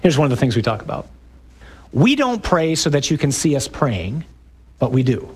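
Animated, emphatic male priest. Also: mid-range voice, normal speed, slightly rough. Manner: emphatic, preacherly, rhetorical. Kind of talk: parish talk to parents.

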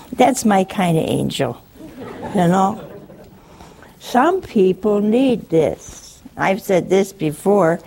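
Woman preacher, slow unhurried talk, husky voice, teasing humorous teaching. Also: lowish voice, warm tone. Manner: chatty and teasing, acts out quotes, chuckles often.

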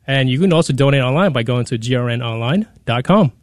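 A man from the station's digital team on air for the first time, carefully and deliberately repeating the donation phone number. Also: medium pitch, animated, no echo. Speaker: digital media staffer, guest on air. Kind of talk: radio fundraising appeal.

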